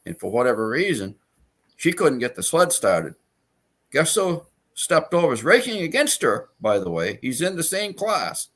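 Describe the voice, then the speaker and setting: A man telling stories in a casual chat as a guest, halting and restarting as he goes. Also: fairly high pitch, very animated, fairly bright tone, husky. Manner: rambling storyteller, halting with restarts.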